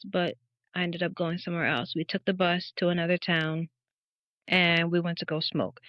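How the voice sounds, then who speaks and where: A woman's voice: fairly low pitch, no echo. Earnest woman telling her testimony. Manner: reflective, earnest storytelling. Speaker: interview guest sharing her testimony. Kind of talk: conversational personal testimony. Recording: dull, slightly muffled audio.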